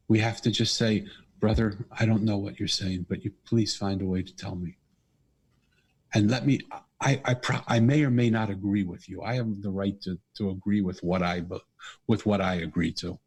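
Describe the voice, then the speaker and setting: A middle-aged man, a podcast guest and author, telling a personal story in an earnest, animated way. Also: fairly low pitch, moderate pace, breathy edge. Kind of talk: conversational storytelling.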